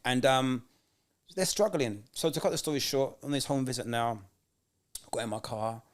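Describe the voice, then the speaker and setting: A man co-hosting a casual podcast chat, telling animated stories and acting out what people said. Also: medium pitch, moderate pace. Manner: animated storyteller, acts out quoted voices. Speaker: podcast co-host.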